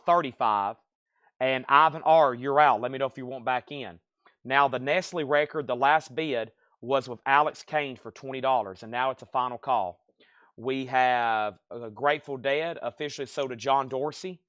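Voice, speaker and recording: A man's voice: mid-range voice, a bit bright, no echo. Man calling record prices, close and dry. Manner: brisk price calls, chatty asides. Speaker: live auction seller. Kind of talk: live-stream record sale.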